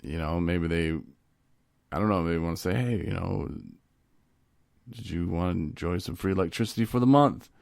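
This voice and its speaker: A man's voice: low-pitched, normal speed, gravelly, pauses often, a little mellow, dry recording, clean studio sound. A man co-hosting a casual recovery talk show, telling stories with laughs and acting out phone calls in a rambling way. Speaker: podcast co-host. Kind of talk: casual chat.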